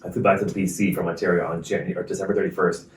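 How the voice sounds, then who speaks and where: A man in his forties chatting casually on a podcast, an animated storyteller who swears freely. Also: low-pitched, rapid-fire. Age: 40s. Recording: roomy, distant mic.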